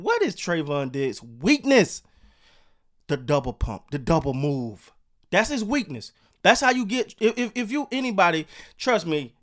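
A man ranting casually about football and basketball, animated, swearing and repeating himself. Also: a little high. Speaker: sports commentator. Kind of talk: casual sports rant.

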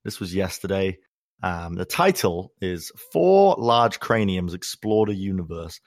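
A man's voice: deep voice, lively intonation, unhurried, no echo. A man co-hosting a podcast, chatting casually with wry, dry humor. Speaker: podcast co-host. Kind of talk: casual chat.

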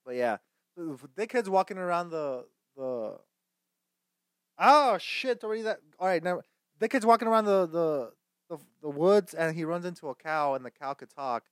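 A man's voice: a little high, expressive, normal speed, no echo, clean studio sound. A young man hosting a casual movie chat, swearing often, rambling, and laughing between lines. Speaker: host.

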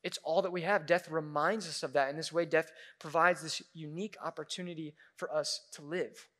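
A young male pastor gives a sermon in an easygoing, chatty way, with lots of "like"s. His voice sits high and bright. He acts out the reactions of his stories. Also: fairly quick. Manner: casual and animated, many "like"s, acts out reactions.

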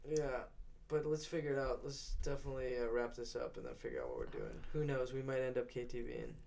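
A man's voice: mid-range voice, lively intonation, fast talker, creaky, a little mellow. A young American man co-hosting a podcast, chatting casually and joking, with a laid-back manner and frequent swearing. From United States. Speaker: podcast co-host. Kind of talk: casual chat.

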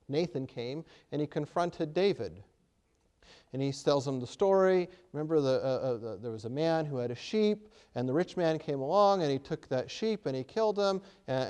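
Preacher man with a smooth voice. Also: medium pitch. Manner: dramatic retelling with sudden loud emphatic peaks; hesitant restarts and fillers. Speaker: pastor. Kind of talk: sermon.

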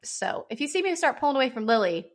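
A woman's voice: sits high, big pitch swings, quick pace. A young woman co-hosting a podcast, chatting casually with dry, teasing banter. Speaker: podcast co-host. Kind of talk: casual chat.

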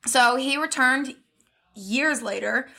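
A woman's voice: sits high, slow, creaky, bright, forceful tone. A young woman co-hosting a podcast in casual chat, chatty and often laughing. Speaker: podcast co-host.

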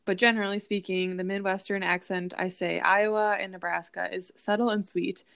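A young woman from southern Minnesota co-hosts a relaxed, casual chat. Her voice has a gravelly fry at the ends of phrases. She reads survey results aloud in an easy, chatty way. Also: medium pitch, normal speed. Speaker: podcast co-host.

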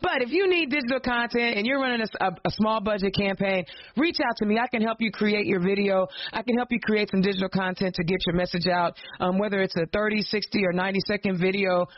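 Woman, podcast host, fiery political rant, rhetorical questions, casual slang, mid pitch, dry, dull lo-fi sound. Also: quick pace, no echo. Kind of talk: impassioned political rant and show hosting.

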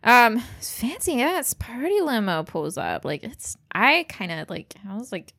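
A woman in her thirties co-hosting a casual podcast, retelling a movie with animated, giggly storytelling. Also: a little high, unhurried, gravelly, hardly any pauses. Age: 30s. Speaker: podcast co-host. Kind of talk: casual chat.

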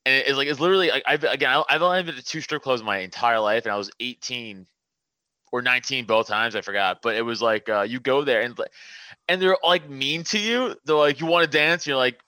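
A man's voice: medium pitch, brisk, bright, forceful tone, dry recording. A man co-hosting a podcast in casual chat, rambling, laughing often and swearing freely. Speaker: podcast co-host.

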